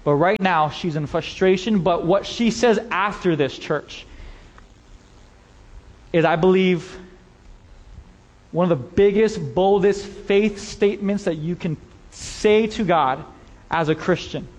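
A man's voice: sits high, slow, long pauses. A male pastor preaching a passionate sermon and speaking directly to his congregation. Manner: impassioned, addresses the congregation directly. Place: church sanctuary. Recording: long reverb of a large hall.

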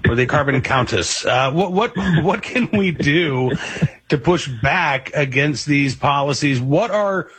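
A man's voice: on the high side, animated, measured pace, a bit bright, slightly rough. A man hosting a radio interview, asking casual, rambling questions with plenty of fillers. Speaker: radio host.

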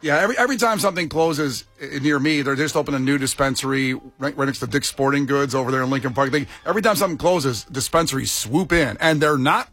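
A man's voice: medium pitch, quick pace, few pauses, a bit bright, soft background music. A man co-hosting a radio show in casual chat, rambling and joking with many restarts. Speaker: radio co-host.

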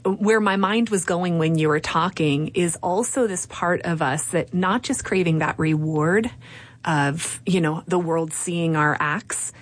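Woman, podcast host, low-ish pitch, affirming, conversational. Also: a little slow. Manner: warm and affirming, builds on the guest's points. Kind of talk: conversational interview.

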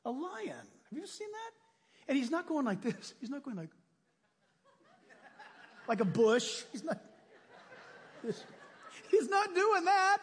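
A man's voice: extremely high pitch, normal speed, pauses often, slightly rough, long reverb tail. A man preaching a sermon as a pastor, telling stories and acting out voices. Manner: animated storyteller acting out voices.

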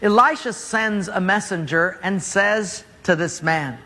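A man preaching a sermon, telling a story in an animated, jokey way and acting out its scenes. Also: high-pitched, a little slow, in a large hall.

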